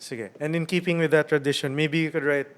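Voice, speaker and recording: Relaxed Filipino man hosting a podcast. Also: on the high side, quick pace. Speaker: podcast host. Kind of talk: casual podcast interview.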